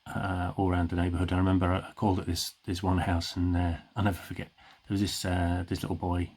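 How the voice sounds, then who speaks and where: Deep-voiced man telling shaggy-dog jokes. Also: monotone, quick pace, a little mellow, breathy edge. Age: middle-aged. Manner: rambling, with many fillers and restarts. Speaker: joke teller.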